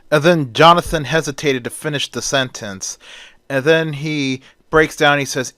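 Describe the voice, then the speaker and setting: A man's voice: on the high side, steady tone, unhurried, pushed and bright, clear, resonant tone, no room sound, studio quality. A man casually retelling a story, chaining events with "and then".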